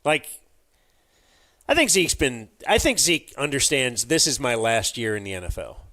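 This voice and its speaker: A man's voice: medium pitch, big pitch swings, normal speed, pushed and bright. A man co-hosting a podcast, chatting casually about sports in a laid-back, rambling way with lots of fillers. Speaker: podcast co-host. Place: live stream from a club.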